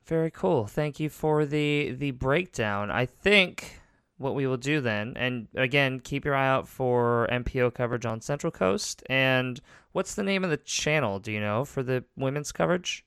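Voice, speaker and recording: A man's voice: mid-range voice, moderate pace, a bit bright, clear, resonant tone, no room sound, studio quality. A man hosting a sports radio show with easygoing, playful banter. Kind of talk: casual sports radio chat.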